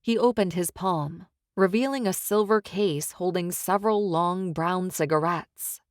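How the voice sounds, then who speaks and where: A woman narrating an audiobook in a measured first-person storytelling manner. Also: on the low side, no room sound, studio quality. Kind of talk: scripted narration.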